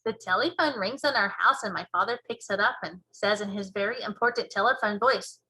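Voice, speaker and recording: Give me a woman teacher reading a children's story aloud, expressive and bright. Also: mid-range voice, brisk, slightly rough, rough recording. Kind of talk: children's book read-aloud.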